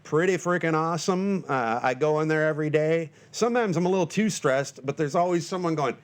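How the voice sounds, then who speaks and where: Man, forties, solo podcast host, rambling, filler-heavy, self-mocking, bursts of comic shouting. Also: fairly quick, few pauses. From Northern Michigan, US. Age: 40s. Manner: loose and self-mocking, lots of fillers and restarts; breaks into shrill panicky shouts for comic bits.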